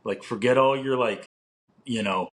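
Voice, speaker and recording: A man's voice: medium pitch, unhurried, fairly bright tone. A young man co-hosting a podcast in casual chat, rambling with lots of filler words and casual swearing. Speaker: podcast co-host.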